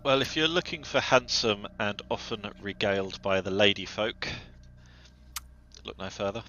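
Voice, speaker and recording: A man's voice: on the low side, expressive, moderate pace, pushed and bright, dull audio. A man voicing a vain, boastful male adventurer who talks smugly about himself. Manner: smug, boastful.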